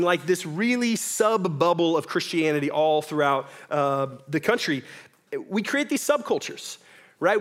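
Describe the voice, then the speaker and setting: A man's voice: high-pitched, fairly bright tone. A young man preaching a sermon in a church, casual and joking, often asking "right?". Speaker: pastor. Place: church hall with audience.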